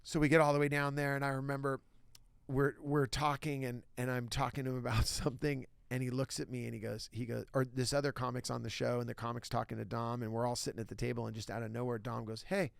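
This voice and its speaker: Gravelly middle-aged comedian telling stories. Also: male voice, medium pitch, fast, no echo. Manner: lively anecdotes, acts out other people's lines. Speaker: stand-up comedian, interview guest. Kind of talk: casual interview storytelling.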